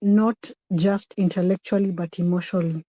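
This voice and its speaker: A woman's voice: medium pitch, fairly even intonation, unhurried, dark tone, no room sound. A woman student reading a passage aloud in class, carefully and evenly.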